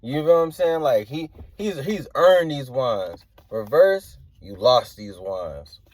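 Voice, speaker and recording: A man's voice: medium pitch, expressive, takes it slowly, darkish tone. A man giving a casual tarot reading, rambling and hedging with slangy filler talk. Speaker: tarot reader.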